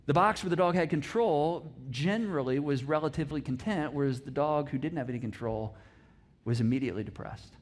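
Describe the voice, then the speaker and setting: A man preaching a sermon as pastor, conversational and animated, often repeating words and laughing as he talks. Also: on the high side, fairly quick. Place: church auditorium.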